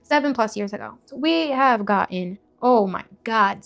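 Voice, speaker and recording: A woman in her twenties opens up on camera about her past in a personal testimony vlog. She talks frankly and emotionally, circling back with repeated phrases and quick asides. Her voice sits somewhat high. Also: expressive, gravelly, a bit bright. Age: 20s. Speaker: vlogger sharing a testimony.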